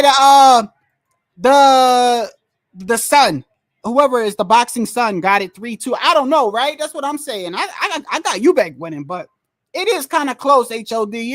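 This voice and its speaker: A livestream host giving casual, excitable fight commentary from home, full of slang, cursing and restarts. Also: medium pitch. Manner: excitable, loud outbursts, frequent slang and cursing; rambling restarts and repeated words. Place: indoors at home, wind and street heard outside.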